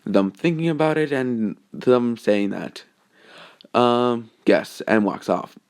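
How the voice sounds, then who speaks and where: A man's voice: medium pitch, slow pace, a little mellow. A young man narrating a fan story off the cuff, rambling with many fillers and self-corrections.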